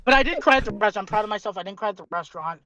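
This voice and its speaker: Man with a bright tone, rambling comic stories. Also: sits high, expressive, rapid-fire, no echo, lo-fi sound. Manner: rambling, self-mocking storytelling. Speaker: guest comedian. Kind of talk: casual chat.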